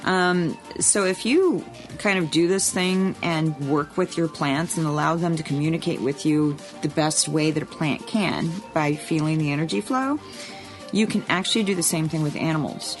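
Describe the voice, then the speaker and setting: Low-pitched woman co-host, earnest and frank, faint music underneath. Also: normal speed. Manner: earnest and explanatory, with frank asides. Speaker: podcast co-host. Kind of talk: casual chat.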